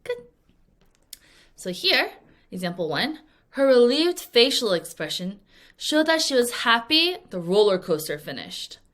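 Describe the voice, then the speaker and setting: A woman's voice: fairly high pitch, very animated, measured pace, long pauses, a bit bright. A woman teaching English vocabulary to young students in a recorded lesson, acting out example sentences playfully and laughing often at her own acting.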